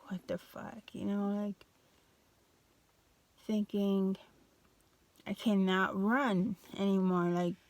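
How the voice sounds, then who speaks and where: A woman's voice: medium pitch, no room sound. A young adult woman telling a personal story in a casual vlog, loose and full of fillers and restarts. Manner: slow, even, flat delivery. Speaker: vlogger.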